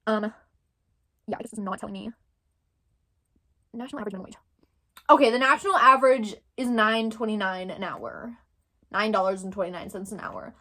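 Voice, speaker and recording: A woman's voice: medium pitch, fairly quick, pauses often, bright, forceful tone. A young woman from Texas giving casual commentary, thinking aloud and rambling with lots of filler words. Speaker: commentary creator.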